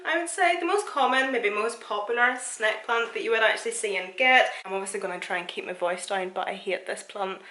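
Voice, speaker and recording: Young woman, home vlogger, chatty and self-deprecating; bright tone, roomy echo. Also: on the high side. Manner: chatty and self-mocking, laughs often. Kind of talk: casual plant tour vlog.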